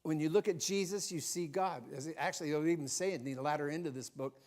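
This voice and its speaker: A man's voice: a little high, quick pace, hardly any pauses, a little mellow. An older man, a grandfather, preaching a folksy, conversational sermon in a church, with personal asides. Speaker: pastor.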